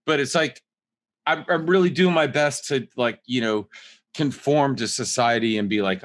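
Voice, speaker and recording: A man hosting a podcast from a video call. He rambles and swears freely, jumping between loud, playful teasing and quieter, heartfelt moments. His pitch sits in an ordinary middle range. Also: normal speed. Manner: loose, profane and rambling, swings from loud joking to soft emotional. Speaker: podcast host. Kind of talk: casual chat over a video call.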